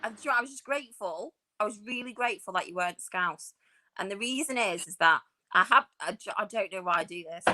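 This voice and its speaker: Chatty bright-voiced woman. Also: mid-range voice, animated, fairly quick. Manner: chatty, rambling, self-deprecating. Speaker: podcast co-host. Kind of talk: casual chat.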